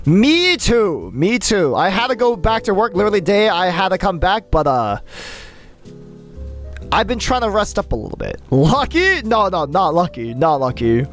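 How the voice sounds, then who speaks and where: Medium in pitch and animated in its ups and downs, a young adult live streamer's voice carries a casual, excitable conversation with chat. Quick restarts pepper the talk, over faintly playing music.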